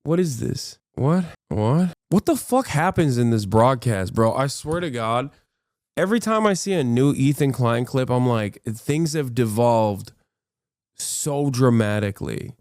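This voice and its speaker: A man's voice: mid-range voice, lively intonation, unhurried, darkish tone, no room sound, studio quality. Exasperated, foul-mouthed male streamer. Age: 30s. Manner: exasperated, profane, incredulous rants. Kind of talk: reacting to clips on a livestream.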